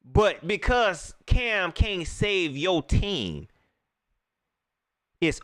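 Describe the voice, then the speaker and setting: A man's voice: high voice, very animated, a little slow, fairly bright tone, dry recording, clean studio sound. A man hosting a live post-game stream, ranting about his team and reading out viewer comments. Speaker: livestream sports commentator.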